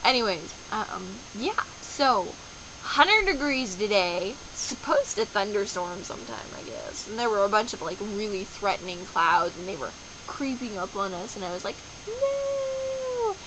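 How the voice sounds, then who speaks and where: A young adult woman chatting in a casual daily video diary, rambling and animated, dropping into playful voices as she tells stories. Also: mid-range voice, moderate pace, noisy background. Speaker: vlogger.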